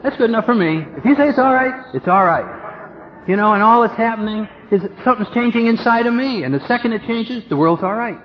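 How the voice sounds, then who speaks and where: A man's voice: very high voice, fast, big-room sound. A man sharing his story at a recovery meeting, humorous and self-mocking, acting out the voices of people he quotes. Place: meeting room with an audience. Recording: dull lo-fi recording with background noise.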